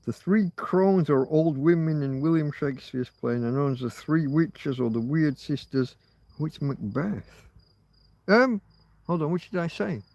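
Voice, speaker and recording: Brit guy rambling on a stream, slow gravelly voice, mutters and swears to himself. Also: a little high, lively intonation, a little mellow, dry recording. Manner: muttering, swearing, thinking aloud. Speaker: livestream host. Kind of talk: rambling casual livestream chat.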